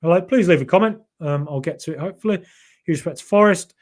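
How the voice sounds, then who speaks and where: A man hosting a football podcast in a casual live-stream chat, talking in an animated way and reading out viewer comments. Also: a little high, fast. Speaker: podcast host.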